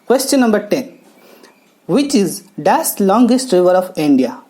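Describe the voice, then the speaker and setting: A woman teaching English grammar, talking slowly and explaining each step with pauses. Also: medium pitch, big pitch swings, warm tone. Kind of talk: classroom lesson narration. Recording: faint background music.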